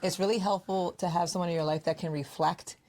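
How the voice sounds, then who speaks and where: A woman with a fairly low voice talks fast while co-hosting a casual, conversational podcast. She's an animated storyteller who acts out what her friends said.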